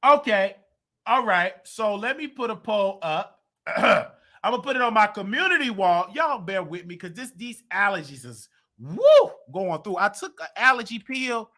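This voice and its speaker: An American man hosting a livestream commentary show, chatting with viewers and clearing his throat often. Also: high voice, big pitch swings, normal speed, bright, forceful tone. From United States. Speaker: show host. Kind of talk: livestream commentary talking to the chat.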